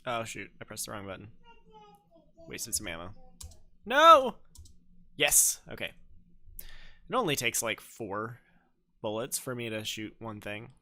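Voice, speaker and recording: A man's voice: fairly low pitch, big pitch swings, a little slow, pauses often, bright, forceful tone. A young man livestreaming a game, chatting playfully and telling jokey stories with silly voices. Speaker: streamer. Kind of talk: livestream gameplay chat.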